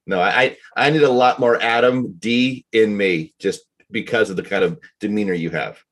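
Male podcast co-host, fairly low voice, chummy and encouraging. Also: normal speed, fairly bright tone. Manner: chummy, encouraging, laughs along. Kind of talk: casual chat.

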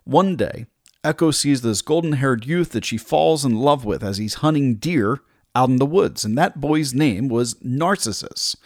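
A man's voice: mid-range voice, animated, unhurried, no echo, clean studio sound. Man casually retelling an old myth. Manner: conversational, with asides and restarts. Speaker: storyteller.

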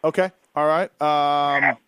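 A man's voice: a little high, steady tone, slow, pushed and bright, smooth, no echo. A man hosting a moto talk show, teasing his co-hosts and fielding callers with lots of laughs. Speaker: podcast host. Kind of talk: casual studio banter. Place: radio-style studio.

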